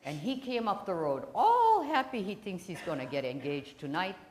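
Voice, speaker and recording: A woman, telling a family story on stage with dramatic pauses. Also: lowish voice, big pitch swings, darkish tone, reverberant. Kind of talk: live personal storytelling.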